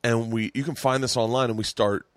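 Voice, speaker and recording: A man's voice: medium pitch, brisk, no echo. Laid-back male comedian guest, dry mic. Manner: relaxed, chimes in with frequent "yeah". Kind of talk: casual storytelling chat.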